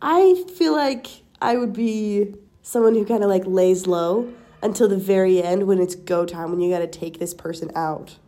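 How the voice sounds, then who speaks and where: Young woman, podcast co-host, mellow and rambling, self-deprecating. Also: medium pitch, normal speed. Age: young adult. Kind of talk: casual chat.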